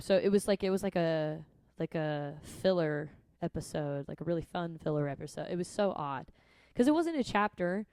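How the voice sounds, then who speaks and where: A woman's voice: sits low, darkish tone, clear, resonant tone, dry recording. A young woman vlogging in a casual, rambling way, chatty and earnest, often adding "like" and "right?". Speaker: vlogger and musician.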